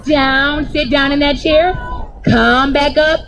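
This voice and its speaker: Slow, deliberate young woman, playful kids' movement coach outdoors. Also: high-pitched, fairly even intonation, a bit bright, slight background noise, low-quality recording. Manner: playful, cheering, coaching kids through moves. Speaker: children's movement instructor. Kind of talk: energetic movement class for children. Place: outdoors on grass.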